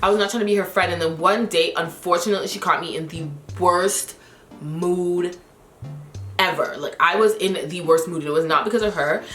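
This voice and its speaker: A woman vlogger telling stories to her viewers in a chatty, animated way, full of filler words. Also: on the low side, normal speed, roomy sound, faint music behind. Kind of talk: casual storytelling to camera.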